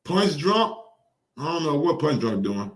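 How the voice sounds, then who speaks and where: Excitable high-voiced man in an echoey room. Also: measured pace, recorded from a distance. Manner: excitable, profane, repeats phrases for emphasis. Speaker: boxing commentary channel host. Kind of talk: casual reaction commentary.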